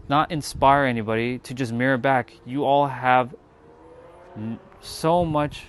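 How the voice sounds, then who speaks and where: Blunt, earnest man with faint hiss. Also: on the high side. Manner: earnest, blunt, swears freely, repeats for emphasis. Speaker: spiritual live streamer. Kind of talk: casual motivational monologue.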